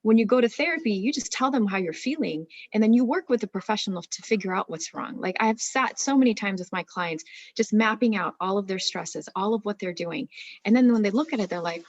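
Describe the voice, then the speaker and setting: A woman's voice: mid-range voice, lively intonation, fairly quick, dry recording, highs cut off. A woman therapist giving an earnest talk on marriage, explaining with many rhetorical questions.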